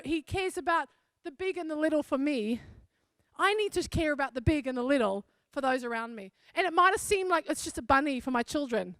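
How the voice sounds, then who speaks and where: High-voiced woman preaching a story. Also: fairly bright tone, dry recording. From South Africa. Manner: storytelling, conversational and earnest. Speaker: pastor. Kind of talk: sermon.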